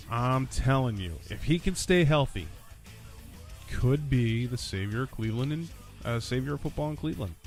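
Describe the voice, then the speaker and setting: A man hosting a casual solo sports podcast, talking in an animated, rambling way and repeating lines for emphasis. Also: medium pitch. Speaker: podcast host. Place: lives in Orlando.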